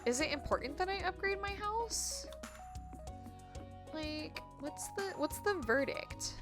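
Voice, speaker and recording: A woman's voice: high voice, lively intonation, slow, over music. A woman streamer chatting bubbly with her viewers while she plays a game live. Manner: bubbly, chatty, reads chat messages aloud. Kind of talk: live-stream gameplay chat.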